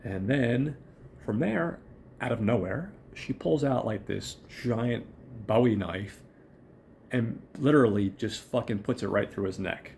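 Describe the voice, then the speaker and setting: A male host recapping a film in a loose, rambling way, swearing often and talking straight to his audience. His voice sits at an ordinary middle pitch, and his delivery is chatty and unpolished. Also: unhurried, creaky, darkish tone, slight background noise. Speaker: podcast host.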